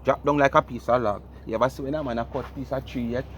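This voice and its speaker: A man's voice: medium pitch, steady tone, quick pace, lo-fi sound, slight background noise. A man with a Jamaican accent giving a mocking, comedic ranting commentary, repeating the listener's name over and over. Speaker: vlogger.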